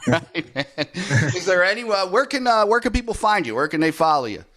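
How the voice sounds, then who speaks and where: A man's voice: sits high, very animated, normal speed, bright, forceful tone. Rambling man hosting a casual chat. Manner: rambling, many fillers. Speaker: podcast host.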